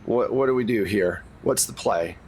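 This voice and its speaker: A man's voice: fairly low pitch, moderate pace, darkish tone, slight background noise, pitched below the performer's own voice, lightly acted. A man voicing Alexander, a blunt, heavily swearing male criminal partner, in a tabletop game. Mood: shaken.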